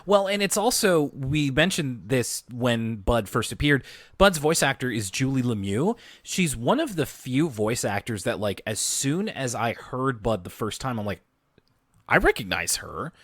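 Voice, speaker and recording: A man in casual podcast chat who rambles and trips over his restarts while he agrees. His pitch moves around a lot. The recording is dry and close, with no room sound. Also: expressive, a little slow, no echo. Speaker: podcast co-host.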